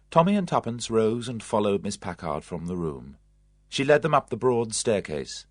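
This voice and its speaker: An audiobook narrator reading a story in an expressive storytelling manner. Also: medium pitch, normal speed, no room sound, clean studio sound.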